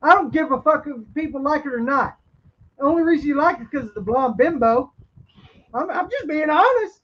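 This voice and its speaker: A woman co-hosts a wrestling podcast, ranting bluntly with plenty of swearing. Her high voice has lively intonation and a fairly quick pace, and the podcast audio is dull and lo-fi.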